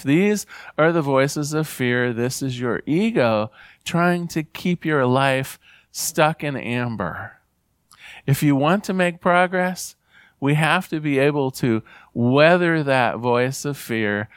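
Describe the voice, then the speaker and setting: A man giving an earnest spiritual talk, reading passages aloud and repeating key phrases gently. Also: on the high side, expressive, takes it slowly, clean tone, no room sound, studio quality. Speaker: spiritual teacher.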